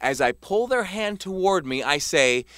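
A man reading a self-help text aloud as scripted narration, measured and emphatic. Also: on the high side, lively intonation, a bit bright, clean tone, no echo, clean studio sound. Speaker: author narrating his self-help book.

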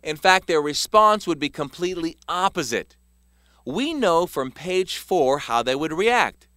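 A man reading a self-help text aloud as scripted narration, measured and emphatic. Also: fairly high pitch, big pitch swings, sharp tone, dry recording. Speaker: author narrating his self-help book.

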